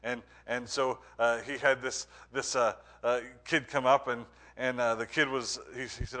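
A man preaching a sermon as pastor, earnest, moving between emphatic points and hushed, quiet lines. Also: mid-range voice, level tone, moderate pace, hardly any pauses.

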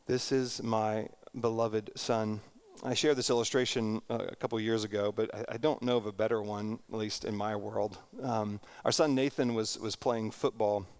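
A man's voice: lowish voice, fairly even intonation, clear, resonant tone. Earnest middle-aged man preaching a sermon. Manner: earnest and reflective, slowing down for emphasis and repeating words. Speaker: pastor.

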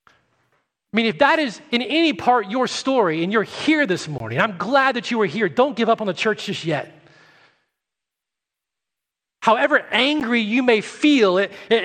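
A man delivers a sermon with an earnest, pleading tone, his voice sitting high for a man. He often slows down and drops to a softer, quieter delivery to press a point home. The sound carries a long reverb, as if filling a church sanctuary. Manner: earnest preaching, slowing and softening for emphasis. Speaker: pastor.

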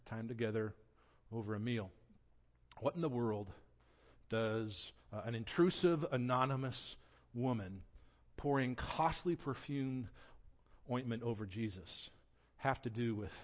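Expressive man preaching a sermon. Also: medium pitch. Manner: expressive preaching, swings from quiet to loud. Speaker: pastor. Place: church sanctuary. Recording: dull lo-fi sound.

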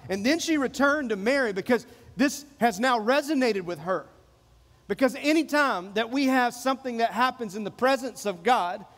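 A man with an extremely high-pitched, fairly bright voice preaches a sermon as a pastor. He repeats phrases and acts out the voices of the people in the passage. A long reverb tail trails his words.

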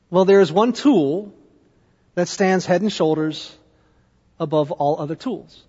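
Animated male pastor preaching in a reverberant hall. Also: sits high, a little slow, long pauses. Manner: animated, conversational preaching with rhetorical questions. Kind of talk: sermon. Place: church sanctuary. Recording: dull, lo-fi sound with long hall reverb.

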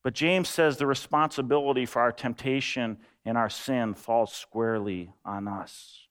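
A middle-aged pastor preaches in a somewhat high voice. He talks emphatically and with animation. He repeats his phrases for weight. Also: bright, forceful tone, clear, resonant tone. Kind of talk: sermon.

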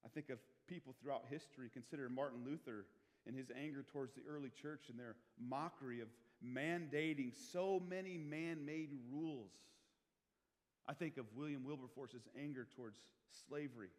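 A man preaching a sermon as pastor, talking in a conversational way, asking the congregation questions and swinging between quiet asides and loud emphasis. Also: mid-range voice, normal speed. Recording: long hall reverb.

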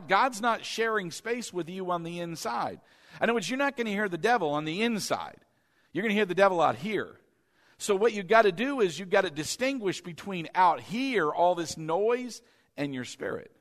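Brief: male pastor, raised pitch, conversational sermon with call-and-response, long hall reverb. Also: fairly bright tone.

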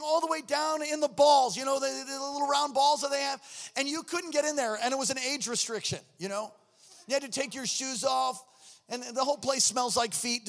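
A man preaching a sermon as a pastor, loud and impassioned, often shouting. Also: very high-pitched. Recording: long hall reverb.

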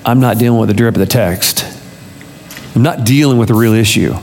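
A man's voice: mid-range voice, fairly quick, darkish tone, long reverb tail, slight background noise. A man preaching a sermon with impassioned delivery that builds to emphatic, rising peaks. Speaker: pastor.

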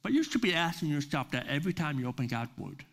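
An earnest pastor delivers a sermon at a church service. His voice sits a little high for a man, and he leans hard on key words as he builds his points. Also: big pitch swings, quick pace, a bit bright.

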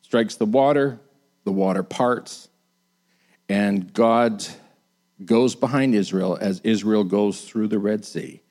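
Male preacher, animated sermon delivery with emphatic peaks. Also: on the low side, slow pace. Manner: animated, rising to emphatic bursts; acts out the complaining crowd in quoted lines.

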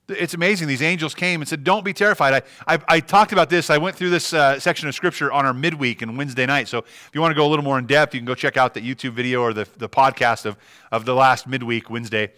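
A man's voice: on the high side, quick pace, pushed and bright, clean tone. A middle-aged man preaching a sermon as a pastor, earnest, with frequent restarts and rhetorical questions.

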